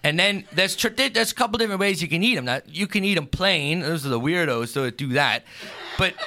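A man's voice: a little high, expressive, brisk, sharp tone. A man voicing a brash, folksy Pennsylvania Dutch home cook with a thick Pennsylvania Dutch accent, talking a blunt comedic bit on a talk show. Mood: boastful. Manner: boastful, folksy, blunt put-downs. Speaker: guest.

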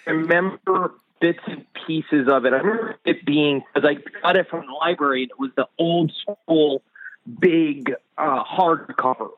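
A man calling in as a podcast guest, riffing loudly with profane, rambling comic bits. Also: on the high side, phone-quality sound. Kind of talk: casual chat. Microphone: remote line.

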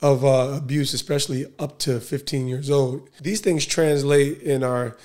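With a mid-range, slightly mellow voice, steady tone and moderate pace, this man hosts a casual podcast interview. His questions come out loose and chatty, full of fillers and restarts.

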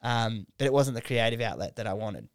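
A young man, a guest comedian on a podcast, telling stories in an animated way and laughing often. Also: medium pitch, a little fast, clear, resonant tone, no echo, clean studio sound. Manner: animated storyteller, slips into quoted voices, laughs often. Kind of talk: casual podcast chat.

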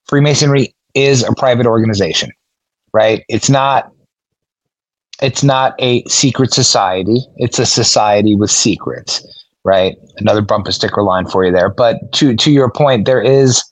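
A man co-hosting a casual podcast discussion, talking in a measured, reflective way. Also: mid-range voice, no room sound, rough recording. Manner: measured, reflective, often checking in with "right?". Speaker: podcast co-host.

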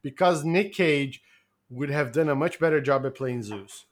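A man co-hosting a casual podcast chat, animated and joking, with some swearing. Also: a little high, normal speed. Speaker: podcast co-host.

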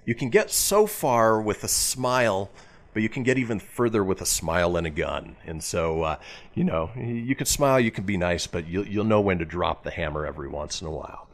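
A man's voice: low voice, lively intonation, fairly quick. A male radio host chatting casually and reading listener messages aloud with a jokey manner.

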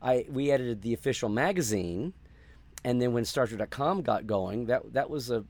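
A man reminiscing as an interview guest, lively and expressive. He jumps up into the voices of the people he quotes. The sound is close and dry, with no room echo. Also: medium pitch, moderate pace. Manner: animated storyteller, acts out quoted reactions.

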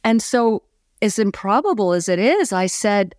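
A middle-aged woman tells a personal story as a podcast guest, earnest and animated. She leans on fillers like "you know" and speaks at a middle pitch. The sound is dry and close. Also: a little slow, no room sound.

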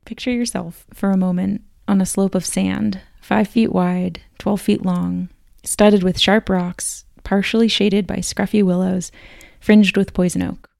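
Gravelly woman host, flat and steady, reading scripted documentary narration. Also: medium pitch, dry recording, clean studio sound. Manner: measured storytelling reading. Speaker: podcast host.

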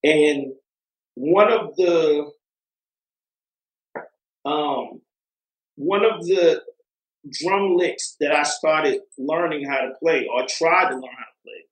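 Guy rambling casually in an interview, lots of um and like, voice a bit high, roomy echo. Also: slow, long pauses. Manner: rambling, many fillers and restarts. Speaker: music producer guest.

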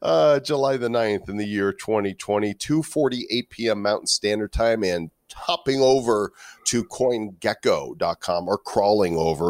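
A man co-hosting a casual crypto podcast, playful and reading out prices in a quick run. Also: lowish voice, no echo, clean studio sound. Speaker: podcast co-host.

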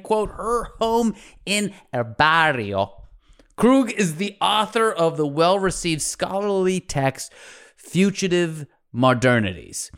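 A man hosts a podcast in a playful, jokey tone, with a smooth, clean voice pitched a bit high. He laughs easily and throws in theatrical asides between his points. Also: a bit bright. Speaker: podcast host. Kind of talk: casual podcast chat.

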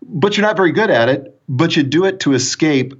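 Husky-voiced man telling business anecdotes. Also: a little high, expressive, fairly quick, highs cut off. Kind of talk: conversational storytelling.

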